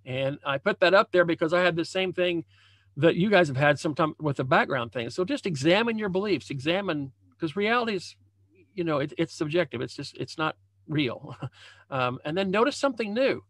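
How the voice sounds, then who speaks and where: A man's voice: on the high side, lively intonation, fairly quick, a bit bright. A man, a leadership coach, giving a motivational talk over a video call. He speaks conversationally from a home room, repeating phrases and restarting often. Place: home room with a banner hung as backdrop.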